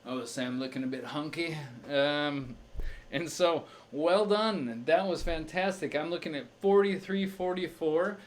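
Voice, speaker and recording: A man's voice: fairly high pitch, measured pace. Rambling man thinking aloud at a crossword. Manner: thinks aloud with many fillers and restarts. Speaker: streamer solving crosswords. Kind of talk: casual live-stream chat.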